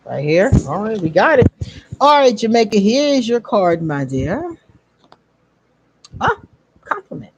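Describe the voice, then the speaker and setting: A woman, hosting a casual live stream where she reads cards for viewers, animated and quick to laugh. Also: on the low side, slightly rough, no echo. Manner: animated, laughs often, drawn-out emphasis. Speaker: host doing card readings for viewers.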